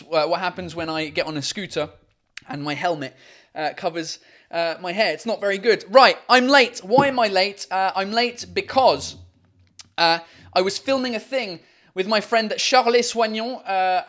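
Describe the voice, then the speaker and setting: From home, a high-voiced man hosts a casual live show on a microphone, chatting excitably and rambling with lots of fillers and casual swearing.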